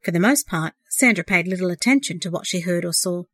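A woman narrating a novel as an audiobook, in a measured, expressive reading. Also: lowish voice, dry recording.

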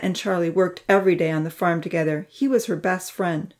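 A woman reading a children's story aloud, voicing the young characters' lines in a raised, expressive voice. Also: fairly quick, few pauses. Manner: expressive, lifts her voice high for the children's dialogue. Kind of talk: scripted narration of a children's story.

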